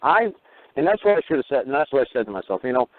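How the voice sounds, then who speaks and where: A man hosting a call-in radio show, talking in a rambling way and acting out little dialogues with sudden jumps in pitch. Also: sing-song, rapid-fire. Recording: tinny phone-like radio audio.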